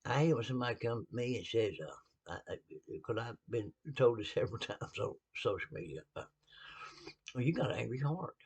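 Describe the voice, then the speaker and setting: A man's voice: fairly low pitch, brisk, slightly rough. A man with a Southern US accent giving a casual sermon-style talk, folksy and blunt, with laughing asides. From American South.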